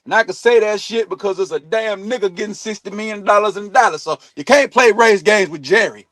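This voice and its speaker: Heated, high-voiced man ranting about football. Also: fairly quick, no room sound. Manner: heated, blunt, swears a lot, swings loud and quiet. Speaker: sports talk show host. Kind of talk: profane sports opinion rant. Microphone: streaming mic.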